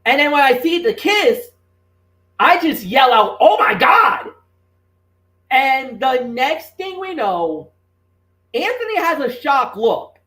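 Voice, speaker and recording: A man hosting a podcast, recapping a wrestling show in a lively storytelling manner and acting out his own commentary calls. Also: very high voice, slow. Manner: animated storytelling, reenacts commentary. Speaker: podcast host. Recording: roomy, distant from the mic.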